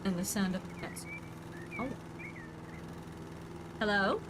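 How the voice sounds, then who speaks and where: A woman's voice: medium pitch, animated, a little slow, very noisy. A woman in her thirties streaming a building game, chatting casually and thinking aloud with playful asides. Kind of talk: casual gameplay commentary.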